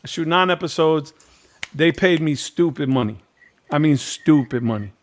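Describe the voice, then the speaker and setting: Animated middle-aged man telling stories. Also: a little high, moderate pace. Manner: animated storyteller, acts out quotes, repeats phrases. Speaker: podcast host. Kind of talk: casual storytelling chat.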